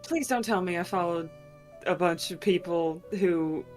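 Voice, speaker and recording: A woman with an Appalachian accent playing a tabletop game, animated and wry. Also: fairly low pitch, a little slow, soft background music. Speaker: player.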